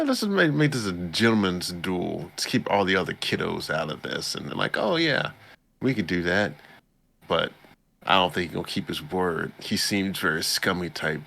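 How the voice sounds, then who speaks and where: Gravelly low-voiced man recapping animatedly. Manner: animated storytelling, acts out characters' lines in a higher voice. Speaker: podcast co-host recapping an anime. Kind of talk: casual chat.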